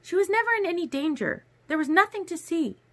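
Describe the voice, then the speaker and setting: A woman's voice: extremely high pitch, animated, brisk, voice pushed up. A woman voicing a young female vampire who answers coldly and insistently in a storybook reading. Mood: cool, defensive. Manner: cold, clipped replies.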